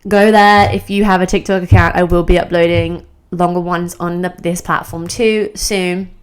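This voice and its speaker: A woman's voice: fairly low pitch, steady tone, moderate pace. A young woman giving a casual motivational talk to camera, bubbly and emphatic, often laughing mid-sentence as she makes her points. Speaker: self-improvement creator.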